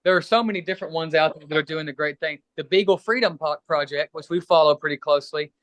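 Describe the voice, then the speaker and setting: A man's voice: on the high side, fast, no echo. A middle-aged man from Kentucky, a musician guest chatting casually and a bit rambling in an interview. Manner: relaxed, rambling, friendly.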